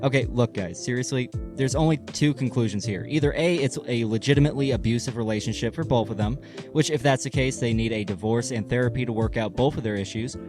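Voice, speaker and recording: A man's voice: medium pitch, quick pace, music in the background. A man doing a sarcastic commentary voice-over as a YouTuber. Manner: sarcastic, salty.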